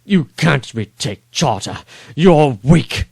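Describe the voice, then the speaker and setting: A man voicing a vicious, bloodthirsty armored lord who speaks in slow, guttural, venomous bursts. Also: mid-range voice, lively intonation, fairly bright tone, no room sound. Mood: bitter.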